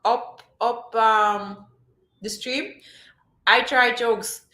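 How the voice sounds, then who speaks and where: A woman's voice: a little high, fairly even intonation, very slow, bright, forceful tone. A woman hosting a casual livestream chat, reading viewer comments aloud and laughing often. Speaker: livestream host. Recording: echoey room.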